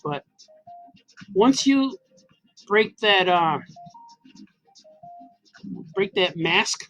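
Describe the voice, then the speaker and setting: A man's voice: high-pitched, a bit bright, poor audio. A man in his forties, a cartoonist, casually telling an enthusiastic, rambling anecdote with frequent laughs. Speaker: cartoonist host. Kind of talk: casual storytelling while drawing. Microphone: camera mic.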